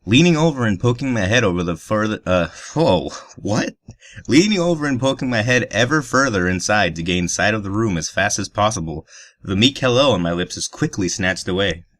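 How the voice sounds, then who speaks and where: A man with a low, deep voice reads a visual novel aloud for a let's play. He keeps breaking the narration with crude, joking asides. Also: expressive, fairly quick, fairly bright tone, no echo. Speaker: let's player.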